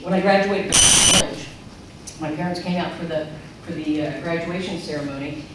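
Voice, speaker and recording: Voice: mid-range voice, normal speed. A middle-aged speaker gives a personal storytelling sermon at a spiritual center, acting out remembered quotes. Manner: animated storyteller who acts out remembered quotes. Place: large church sanctuary. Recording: echoey hall from far off, noisy.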